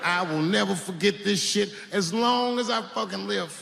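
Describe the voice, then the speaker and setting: On a large theater stage, a man does storytelling stand-up at normal speed in a creaky voice, lurching between low mutters and loud outbursts, with the sound of a large hall.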